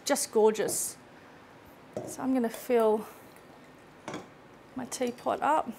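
A woman's voice: fairly high pitch, steady tone, slow pace, creaky, darkish tone, slight background noise. A chatty woman hosting a casual cooking demonstration in her home kitchen, laughing often. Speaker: cooking show host.

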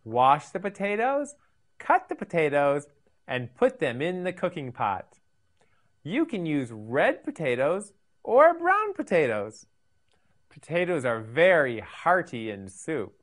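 A woman's voice: sits low, sing-song. A woman teaching English words to children in a scripted lesson, repeating each word and asking the listener to say it again. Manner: slow, sing-song, repeats words for learners.

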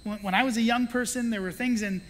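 A fast-talking pastor with a medium-pitched voice preaches in the large hall of a church sanctuary, with some slight background noise. An adult with children, he acts out the voices of the people in his stories with energy and sprinkles in playful asides.

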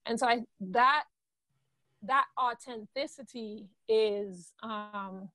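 A woman's voice: a little high, takes it slowly, pushed and bright, no echo. A woman with a Guyanese accent, a guest songwriter telling her story candidly in a podcast interview.

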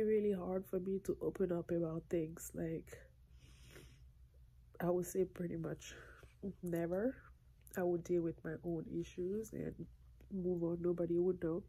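A tearful woman vlogging on her phone at night, talking in a halting, soft voice that slips into whispers as she opens up. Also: lowish voice, slightly rough. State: tearful, crying. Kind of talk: emotional confessional vlog. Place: indoors at night. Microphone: phone held close.

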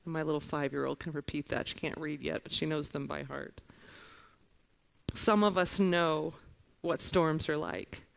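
A woman in her forties preaching a sermon, telling stories and reading scripture with lively expression. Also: sits low, moderate pace, gravelly. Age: 40s. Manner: animated storytelling, reading scripture aloud. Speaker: guest preacher.

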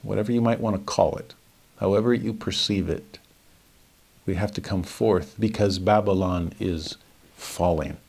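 Low-voiced man teaching scripture. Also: moderate pace, vocal fry, husky. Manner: reflective and expressive, with rhetorical questions. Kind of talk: verse-by-verse Bible lesson.

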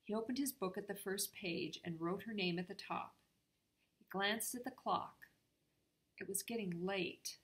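An older woman, a grandmother, reading a storybook aloud to her grandchildren in a steady, clear way. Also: medium pitch, measured pace.

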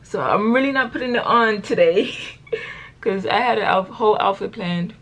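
With a medium-pitched, slightly bright voice at a moderate pace, a girl in her late teens does a get-ready-with-me vlog at home. Her chatty story wanders, full of slang and self-corrections, and she repeatedly says "y'all" to her audience.

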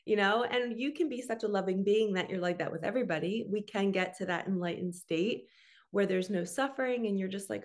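A woman's voice: mid-range voice, fairly quick. A middle-aged woman speaking as a spiritual coach in a casual, earnest talk to camera. She chats freely and keeps adding "okay?" and "right?". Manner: earnest, chatty, often adds "okay?" and "right?".

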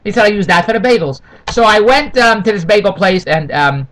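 A middle-aged man tells a long, digressive grievance in a comic monologue, going back over the same points. His voice sits high and sounds bright and forceful. He rattles along at a fast clip. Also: a little hiss or hum, low-quality recording. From Toronto. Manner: complaining, digressive, repeats himself. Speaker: vlogger.

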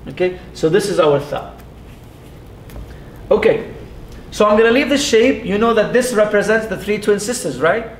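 High-voiced man teaching in an echoey hall. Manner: patient, repeats sounds slowly, asks the class questions. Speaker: Arabic teacher. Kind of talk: classroom lesson. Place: mosque classroom. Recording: echoey room with faint rumble.

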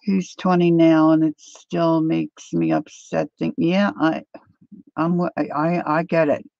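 A woman's voice: sits low, little pitch movement, unhurried, vocal fry, darkish tone, no echo. Chatty middle-aged woman, lo-fi recording. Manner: chatty, rambling storyteller, talks to viewers by name. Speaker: craft channel host. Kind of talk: casual livestream chat while crafting. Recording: dull lo-fi dry home recording.

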